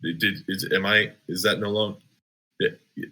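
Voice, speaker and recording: A man playing a tabletop game, asking loud, playful questions in character. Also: sits low, steady tone, normal speed. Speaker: player. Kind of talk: casual tabletop play.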